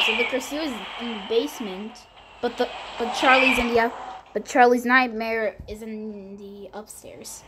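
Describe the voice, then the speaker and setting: A young woman commenting as she plays a horror game, jumpy and swearing, with sudden high shrieks when startled. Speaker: gamer playing a horror game. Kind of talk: let's play commentary. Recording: loud background noise, mic clicks.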